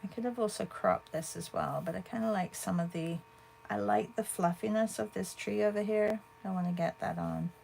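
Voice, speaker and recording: A woman with a gravelly, fry-tinged voice chats her way through a painting livestream. She thinks out loud and answers viewers between strokes. A faint hiss sits under her voice. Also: mid-range voice, moderate pace. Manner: chatty, thinks aloud and answers viewers' comments. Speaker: art livestream host. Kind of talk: casual livestream chat while painting.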